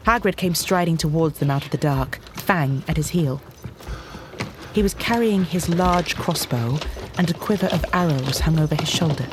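A man narrating a children's storybook in a measured, expressive reading. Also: fairly high pitch, noisy background. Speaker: audiobook narrator.

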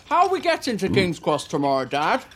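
A woman's voice: fairly low pitch, huge pitch swings, a little fast, fairly bright tone, husky, pitched above the performer's own voice, exaggerated voice. A woman reading an audiobook, voicing cheeky, teasing young twin brothers in a mocking drawl. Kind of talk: audiobook character voice.

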